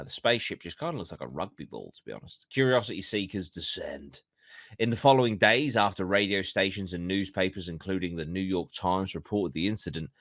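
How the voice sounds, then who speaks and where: A man with a bright, forceful voice, recorded dry and close. He hosts a casual podcast, reading from his notes and breaking off into swearing, joking asides. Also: sits low, no echo. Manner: reads aloud with swearing, jokey asides. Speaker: podcast host.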